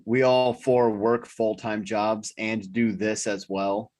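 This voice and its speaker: A man's voice: fairly low pitch, little pitch movement, takes it slowly, a little mellow. A man in a casual board game discussion, sleepy after a long day, explaining rules steadily. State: sleepy, yawning. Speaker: board game group member.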